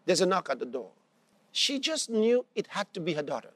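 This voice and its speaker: A man's voice: high-pitched, very animated, a little fast, a bit bright, no room sound. A man preaching a sermon and telling a story, emphatic, repeating key phrases and putting questions to his listeners. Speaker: pastor.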